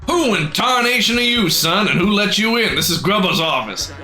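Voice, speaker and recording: A man's voice: high voice, animated, extremely slow, a bit bright, faint music behind, voice pushed up, exaggerated voice. A man voicing a boisterous, folksy old male fighting-club boss in a game, with a drawling country twang. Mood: gruff.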